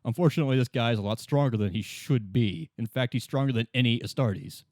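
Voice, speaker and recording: Male podcast host, casual and rambling, laughs a lot, mid-pitched, dry sound. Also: a little mellow, no room sound. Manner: rambling, laughing, acts out characters in quick voices. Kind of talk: casual retelling of a novel.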